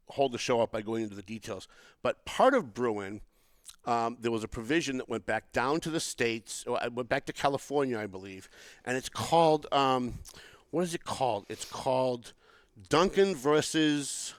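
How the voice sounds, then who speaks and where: With a medium pitch, lively intonation and a moderate pace, this local podcast host from the Boston area winds through a long, often restarted story. It's casual political talk, recorded without echo.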